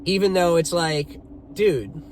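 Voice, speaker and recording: A young man with a high-pitched voice tells his story at an unhurried pace, swearing freely and leaning hard on his words. A faint hiss of background noise sits under the recording. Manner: profane, emphatic, animated retelling. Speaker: business owner telling his story. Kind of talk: casual storytelling to camera.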